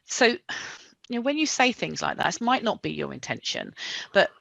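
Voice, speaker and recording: A woman playing an upset female employee who confronts her boss haltingly, with many restarts, on a video call. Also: fairly low pitch, big pitch swings, vocal fry, fairly bright tone, no room sound, exaggerated voice.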